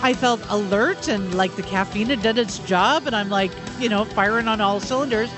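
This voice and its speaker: A man's voice: sits high, moderate pace, over music. A man co-hosting a radio talk show, chatting casually and poking fun at himself. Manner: self-deprecating, chatty. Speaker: radio co-host.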